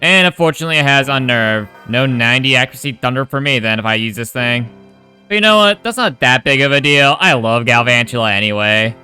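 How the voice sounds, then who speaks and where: Bright, clear-voiced young man narrating gameplay. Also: mid-range voice, lively intonation, a little fast, faint music behind. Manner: casual, wry, swears now and then. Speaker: gaming YouTuber. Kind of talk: commentary.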